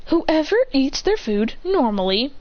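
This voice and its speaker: A storyteller voicing a bossy, hot-tempered teenage girl who is greedy for cake, her lines high and squealing, on a dull lo-fi recording. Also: sing-song, measured pace, no echo.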